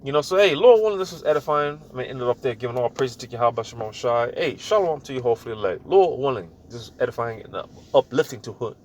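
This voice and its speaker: A man giving a casual, animated spoken sermon, with loose talk full of fillers and repeated words. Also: mid-range voice, fast talker, few pauses, slight background noise. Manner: repeats words while searching. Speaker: lay preacher.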